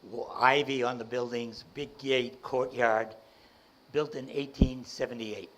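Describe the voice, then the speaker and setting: Animated man telling a story. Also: medium pitch, poor audio. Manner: animated, acts out dialogue from the story; halting restarts and repeated words. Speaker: entrepreneur giving a talk. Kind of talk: personal storytelling talk.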